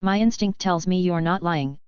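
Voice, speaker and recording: A woman's voice: lowish voice, moderate pace, darkish tone, smooth, dry recording, muffled recording, close to an everyday voice. A woman reading the lines of a scarred middle-aged male assassin, terse and earnest.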